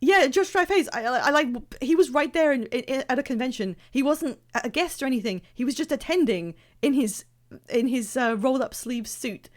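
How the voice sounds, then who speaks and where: A woman's voice: high voice, animated, fairly quick. A young British woman chatting casually and rambling as she streams a game. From Britain. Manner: chatty, rambling, self-interrupting. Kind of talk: casual live-stream chat.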